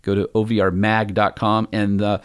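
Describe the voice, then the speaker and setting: A man's voice: on the low side, little pitch movement, moderate pace, clean tone. A man co-hosting a podcast in a conference room, chatting casually in an upbeat, rambling way with lots of fillers. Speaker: podcast co-host.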